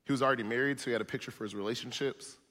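A man's voice: medium pitch, fairly even intonation, racing, a bit bright, big-room sound. A man preaching a sermon as pastor, emphatic and repetitive, building in force.

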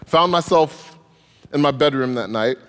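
A young adult man telling a comic story on stage, animated and lively in delivery. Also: mid-range voice, unhurried, clean tone. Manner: animated, comic, rising in excitement. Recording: long hall reverb.

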